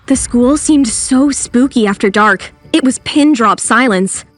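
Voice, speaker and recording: Sarcastic determined teen girl telling her story, high voice. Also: measured pace, soft background music. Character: teen schoolgirl narrator, brave and sarcastic. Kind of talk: first-person animated story narration.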